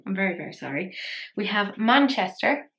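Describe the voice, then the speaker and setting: A woman's voice: medium pitch, expressive, normal speed, a bit bright. Chatty woman in her thirties. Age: 30s. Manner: chatty, playful and self-mocking. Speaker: makeup vlogger. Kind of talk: casual makeup tutorial chat.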